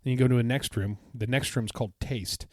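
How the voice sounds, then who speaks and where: Recorded with studio quality and no room sound, this male podcast co-host chats casually about his trip, rambling with enthusiasm. He speaks a little fast at a medium pitch, steady and somewhat dark in tone.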